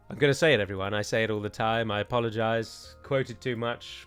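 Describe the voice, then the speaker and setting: A man's voice: medium pitch, a little fast, hardly any pauses, a bit bright, faint music behind. A man playing a strategy game and commenting as he goes, chatty and thinking aloud with frequent digressions. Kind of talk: let's play commentary.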